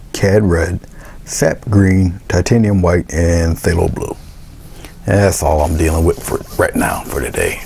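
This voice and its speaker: A man with a low, gravelly voice gives a casual painting tutorial. He talks through each step in a relaxed way as he works, often half to himself. A faint hiss of noise sits behind him. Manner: relaxed, talks to himself while working, thinks aloud. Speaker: painting instructor.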